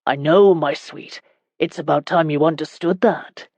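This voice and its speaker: A woman reading an arrogant, teasing young gentleman who speaks calmly and soothingly. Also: low-pitched, normal speed, no echo. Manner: calm, assured, soothing.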